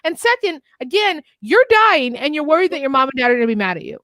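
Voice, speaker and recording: A high-pitched woman co-hosting a chatty podcast, recorded close and dry with no room sound. She talks about horror movies with excitement and acts out their lines. She laughs often. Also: fast, dry recording. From Northeast Pennsylvania. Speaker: podcast co-host. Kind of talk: casual chat.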